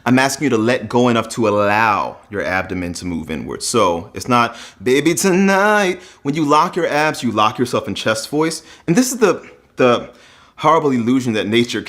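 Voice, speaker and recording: A man's voice: mid-range voice, animated, moderate pace, a bit bright. A man teaching a voice lesson in an earnest, instructive way. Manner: earnest instructive delivery, breaks into sung demos. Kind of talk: explanatory vocal lesson.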